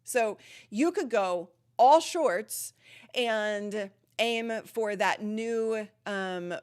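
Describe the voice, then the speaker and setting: A woman's voice: medium pitch, drawn-out words, clear, resonant tone. A woman hosting a live streaming Q&A from her home studio, chatting casually with lots of ums and laughs, a bit out of breath. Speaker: live streaming channel host.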